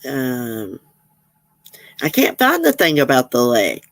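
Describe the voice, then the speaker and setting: Woman host, low voice, rambling chatty livestream talk, dry close sound. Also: huge pitch swings, takes it slowly, no echo. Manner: chatty, rambling, laughs often. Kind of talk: casual chat reading viewer comments.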